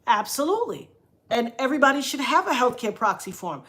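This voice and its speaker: A woman's voice: high voice, sing-song, brisk, a bit bright. A middle-aged woman talking casually on her vlog, emphatic and preachy, often dropping into quoted voices. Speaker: vlogger.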